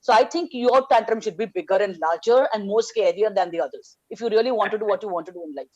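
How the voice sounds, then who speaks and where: A woman's voice: medium pitch, fast talker, a little mellow, muffled recording. A woman speaking passionately on a panel, blunt and fiery, swearing freely.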